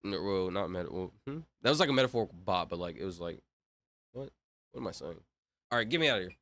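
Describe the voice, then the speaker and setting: A man's voice: deep voice, expressive, quick pace, fairly bright tone. A man chatting casually on a livestream, rambling and interrupting himself while reading chat aloud.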